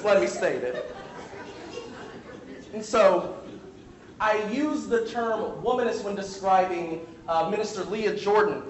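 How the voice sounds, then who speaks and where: High-voiced male preacher, call-and-response sermon, colloquial asides, echoey church hall. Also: normal speed.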